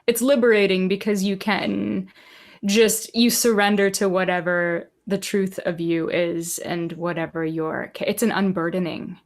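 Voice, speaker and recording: A woman's voice: mid-range voice, fairly even intonation, a little slow. A woman hosting a podcast, chatting in an effusive, rambling way with lots of fillers. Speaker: podcast host. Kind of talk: casual conversation.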